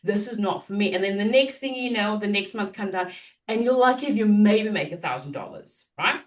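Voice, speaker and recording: A woman business coach talking in a podcast interview, animated and acting out inner self-talk. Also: medium pitch, a little fast, recorded from a distance.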